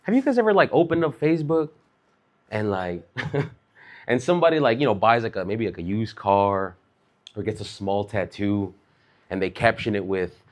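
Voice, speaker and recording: Lively-voiced male stand-up comic. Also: on the low side, moderate pace. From Chicago, USA. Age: 30s. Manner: loose, conversational delivery full of "like" and "bro". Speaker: stand-up comedian. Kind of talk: stand-up comedy set. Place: comedy club stage.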